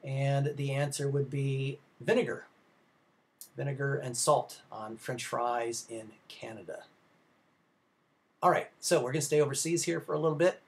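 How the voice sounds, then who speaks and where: A man's voice: medium pitch, fairly even intonation, normal speed, gravelly. A male film instructor giving a recorded slide lecture, chatty and rambling, with many filler sounds and restarts, speaking directly to his students. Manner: conversational, addresses students directly.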